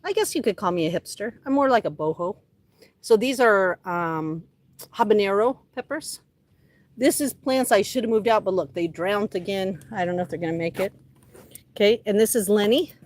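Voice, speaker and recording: A woman's voice: mid-range voice, moderate pace, a little mellow, dry recording. A woman livestreaming casual chat from her home garden, talking to her plants by name and filming on a handheld phone. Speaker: livestream host.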